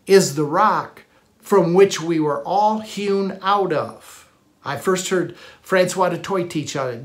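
A man preaching a sermon, emphatic and given to repeating phrases as he quotes scripture. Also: on the high side. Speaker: pastor.

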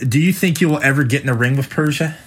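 A man's voice: on the high side, fast talker, husky. A man hosting a podcast, asking casual questions with lots of "um" and "uh". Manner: hesitant, full of "um" and "uh". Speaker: podcast host, interviewer.

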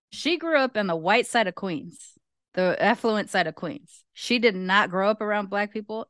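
Woman podcast guest, emphatic and opinionated, smooth voice, dry close mic. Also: fairly low pitch, fairly bright tone, no room sound. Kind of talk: casual podcast chat.

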